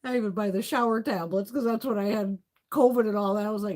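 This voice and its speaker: A middle-aged woman hosting a beauty livestream, telling stories in a loose, animated way, swearing freely and laughing often. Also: medium pitch, quick pace. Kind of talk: casual chat.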